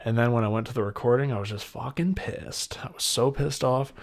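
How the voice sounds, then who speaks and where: A man's voice: mid-range voice, fairly quick. A young man hosting his own podcast alone, chatting casually in a rambling, laid-back way with loose slang. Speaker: podcast host. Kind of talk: casual solo podcast chat.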